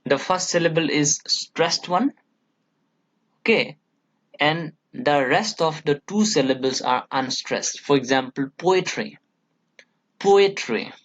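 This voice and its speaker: A male college English lecturer with an Indian English accent, giving a slow, deliberate classroom lecture full of "uh" and "okay" and repeating example words for stress. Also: fairly high pitch, fairly bright tone. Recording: dull lo-fi recording.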